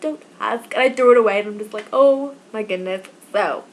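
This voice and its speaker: A woman of twenty-one telling personal stories in a chatty, animated vlog, acting out quoted dialogue as she goes. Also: mid-range voice, fast talker. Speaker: vlogger. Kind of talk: casual storytelling vlog.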